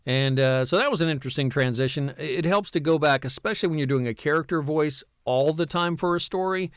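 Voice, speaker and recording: A man's voice: on the high side, a little fast, clear, resonant tone, no echo. A man in his fifties, a voice-over artist, talking casually from his home studio, rambling with many fillers and restarts. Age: 50s. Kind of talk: casual vlog talk.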